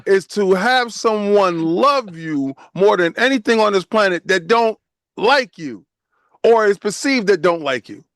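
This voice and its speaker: A man's voice: high-pitched, expressive, unhurried, a bit bright, dry recording, studio quality. A man co-hosting a podcast who hammers his point home by repeating it. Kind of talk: casual podcast chat.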